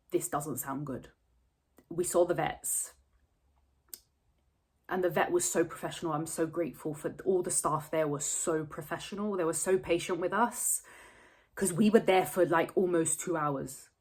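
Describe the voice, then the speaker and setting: A woman, telling a personal story to camera close to tears, candid and rambling, swearing freely. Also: sits low. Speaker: vlogger.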